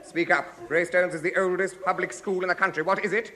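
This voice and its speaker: A man's voice: high voice, steady tone, a little fast, pushed and bright. A man playing a stern, sadistic male headmaster in a 1950s radio comedy, barking questions at a boy.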